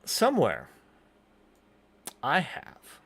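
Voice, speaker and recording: A man's voice: a little high, huge pitch swings, drawn-out words, creaky, a bit bright, breathy edge. A man streamer giving casual, profane commentary on a video, rambling with frequent restarts and asides.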